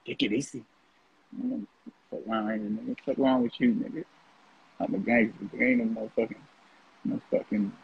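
A man's voice: mid-range voice, creaky, slightly rough. A man from North Richmond, California, talking bluntly and brashly in a profane, mocking monologue about prison life. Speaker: former prison inmate telling his story. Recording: phone-like lo-fi audio.

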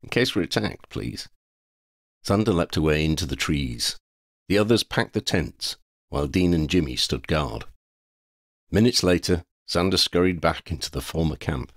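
A man reading a fan fiction audiobook in an expressive storytelling manner. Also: very deep voice, normal speed, no room sound, studio quality. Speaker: audiobook reader.

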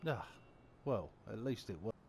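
A man's voice: on the low side, animated, unhurried, a little mellow, a little hiss or hum. A man giving casual, crude, joking commentary over a video game, muttering as he reads things aloud. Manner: mutters while reading numbers aloud. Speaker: gaming commentator.

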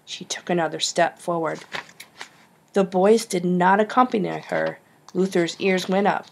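A woman narrating an audiobook with lively storytelling. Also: on the low side, unhurried, vocal fry, slight background noise. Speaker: audiobook reader.

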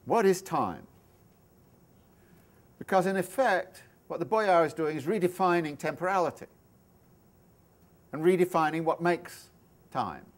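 A man's voice: on the high side, unhurried, pauses often. Man giving a thoughtful university lecture. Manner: thoughtful, explanatory, with restarts and asides. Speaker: professor lecturing. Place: lecture room.

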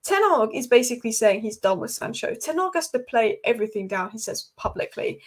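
A woman hosts her own football channel in a casual, emphatic vlog style. Her voice sits a little high, and she keeps driving her points home by repeating them. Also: very animated, fairly quick.

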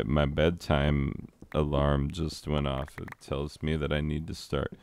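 A man's voice: sits low, a little mellow, smooth. A man in his thirties, a teacher, rambling self-deprecatingly while he plays a game and tells a story. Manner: self-deprecating, rambling, breaks into sung asides. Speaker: teacher and gaming vlogger. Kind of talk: rambling casual commentary over gameplay.

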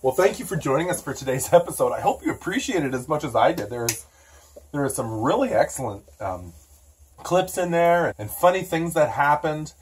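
Rambling, excitable man outdoors, crickets behind. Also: on the high side, recorded from a distance, a little hiss or hum. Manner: rambling, halting, gushing and excitable. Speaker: comedy show host in character. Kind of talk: mock-earnest outdoor comedy monologue.

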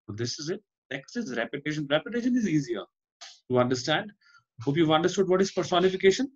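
A male teacher with an Indian English accent runs an online class, explaining by saying things over again and frequently checking in with "Fine?". His voice is slightly high, husky and animated, and he talks fast over lo-fi audio.

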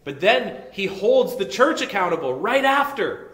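A male pastor preaching a conversational sermon, dropping soft and low when reading scripture. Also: sing-song, a little slow, roomy sound. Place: church sanctuary.

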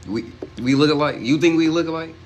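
A young man teasing his uncle on a livestream in a calm, dry way. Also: on the high side, brisk, slight background noise.

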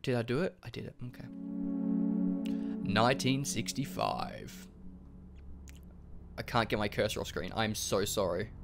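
A man's voice: fairly low pitch, quick pace, hardly any pauses, music in the background. A young man casually commenting on a game he plays, swearing a lot and joking about himself. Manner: profane, self-deprecating, jokey. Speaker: let's play gamer.

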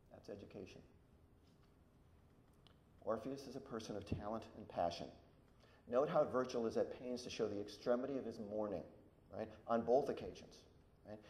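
A man's voice: fairly low pitch, mellow. A man giving a university lecture, reading verse aloud with emphasis and adding asides to the audience. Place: lecture hall. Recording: echoey hall.

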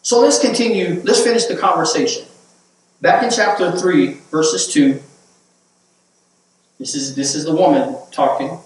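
A man preaches in a church sanctuary, his voice high for a man and his delivery unhurried. He repeats words as he builds toward emphatic points. The sound is heavily echoey and a little distant, as if picked up from across the hall. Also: fairly even intonation. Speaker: pastor. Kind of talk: sermon.

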